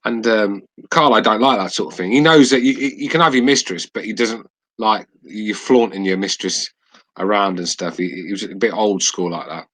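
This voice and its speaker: A man hosting a podcast, telling stories in a halting way with many restarts. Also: lowish voice, fairly bright tone, poor audio. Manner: halting, full of fillers and restarts. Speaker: podcast host. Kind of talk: casual chat, storytelling.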